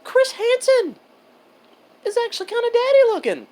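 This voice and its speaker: A woman's voice: very high voice, big pitch swings, normal speed, a little mellow. A young woman co-hosting a casual podcast chat, chatty and teasing, often cutting in with jokes. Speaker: podcast co-host.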